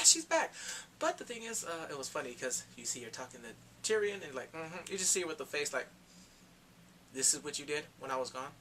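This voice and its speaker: A man giving a casual, excitable recap of a TV episode, talking in slang and acting out characters in quick asides. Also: a little high, slight background noise. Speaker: TV recap vlogger.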